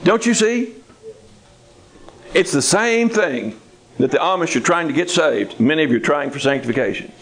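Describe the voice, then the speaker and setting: A man's voice: a little high, expressive, moderate pace, long pauses, a bit bright, slight background noise, rough recording. A man preaching a sermon in a folksy, conversational way with touches of humor.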